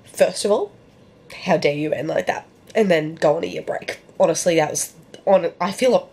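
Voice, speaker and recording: A woman's voice: lowish voice, normal speed, mellow. A woman with an Australian accent, chatting candidly in a casual book vlog while sick with a cold, repeating words for emphasis. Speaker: book vlogger. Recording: echoey room with faint background noise.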